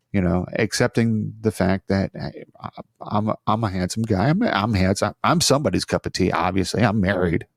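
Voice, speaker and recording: Speaking into an arm-mounted studio mic, a middle-aged podcast host rambles through casual solo talk, restarting often and poking fun at himself in a chatty way. He sits on the low side with vocal fry and a slightly mellow quality. The sound is clean studio quality without any room sound.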